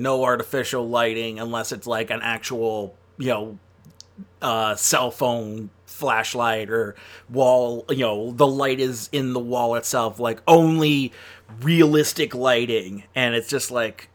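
A man giving a casual spoken film review, chatty and rambling, with lots of fillers and self-corrections. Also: medium pitch. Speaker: movie reviewer.

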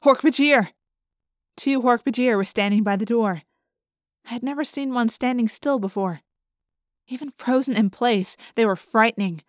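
A woman narrating an audiobook in the first person, vivid and expressive. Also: a little high, moderate pace, dry recording, clean studio sound.

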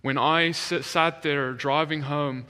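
A man's voice: a little high, slow pace, clear, resonant tone. A man preaching a sermon, telling a story and animatedly acting out the voices of the people in it. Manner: animated, acts out quoted voices. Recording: long hall reverb.

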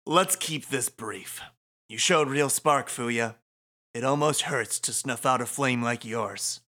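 A speaker voicing a theatrical male game master who announces slowly and with flourish. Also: mid-range voice, bright, forceful tone. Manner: slow, showy announcing.

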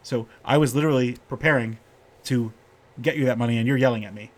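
A middle-aged man giving an informal Torah talk, telling stories and getting animated when he quotes the people in them. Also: medium pitch, quick pace. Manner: storytelling, animated when quoting characters.

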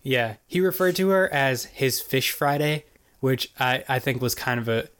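A man's voice: medium pitch, lively intonation, normal speed, fairly bright tone, smooth. A man co-hosting a podcast, recapping a cartoon episode in casual, rambling chat full of "like" and "basically". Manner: rambling, filler-heavy storytelling. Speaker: podcast co-host.

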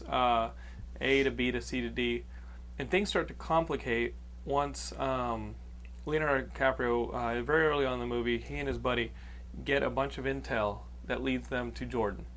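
A man from Texas talks through a movie review in loose, rambling podcast chat, filling gaps with ums and the odd swear word. His voice sits at an ordinary middle pitch. A faint hum runs under the recording. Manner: rambling, animated, swears freely. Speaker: podcast host.

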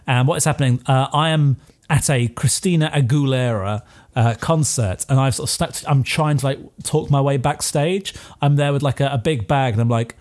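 A man's voice: medium pitch, moderate pace, a little mellow. Playful man at a game table. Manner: playful, laughing, narrates his moves. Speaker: player. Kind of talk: tabletop role-play chat.

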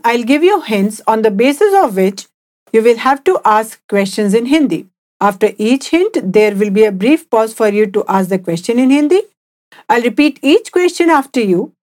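A woman co-hosting a Hindi language podcast, giving clear prompts and slowly repeating phrases for learners. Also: a little high, sing-song, darkish tone. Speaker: podcast co-host, Hindi teacher. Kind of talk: scripted language lesson.

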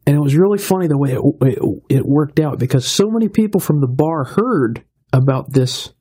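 A man with a fairly high but dark, husky voice tells a story in an animated way, often breaking into laughter. He acts out the lines of the people in his tale as he goes along. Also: normal speed. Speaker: radio guest. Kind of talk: animated anecdote telling.

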